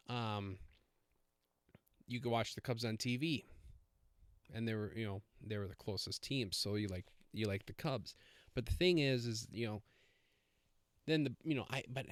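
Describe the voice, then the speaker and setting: A man's voice: medium pitch, animated, normal speed, long pauses, fairly bright tone, no echo, clean studio sound. A man hosting a casual solo podcast, rambling with many fillers and self-corrections. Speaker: podcast host.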